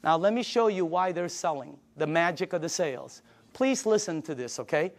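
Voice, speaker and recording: An older man with a high voice delivering an emphatic sales pitch. He presses each point and acts out conversations with friends as he goes. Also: lively intonation, normal speed, vocal fry. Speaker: business presenter. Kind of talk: sales presentation.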